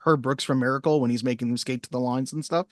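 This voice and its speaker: A man's voice: mid-range voice, steady tone, fast talker, no room sound, clean studio sound. A man co-hosting a podcast, chatting casually about a movie, rambling through asides and laughing easily. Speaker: podcast co-host.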